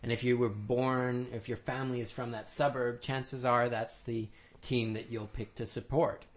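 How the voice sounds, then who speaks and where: Relaxed man explaining casually. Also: mid-range voice, moderate pace. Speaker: podcast co-host. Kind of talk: casual chat.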